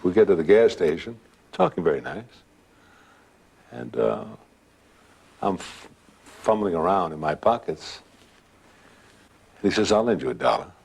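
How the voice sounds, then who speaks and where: An older man, casually telling a personal story in a relaxed way and acting out what others said. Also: low-pitched, unhurried, vocal fry, long pauses, breathy edge. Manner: relaxed storytelling, acts out voices. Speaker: guest storyteller.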